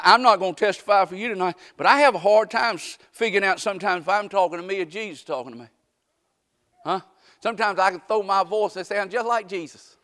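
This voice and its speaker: A man preaching a sermon, shouting some lines and hushing others, with folksy repeated questions to his congregation. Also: high-pitched. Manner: swings from shouted calls to hushed asides.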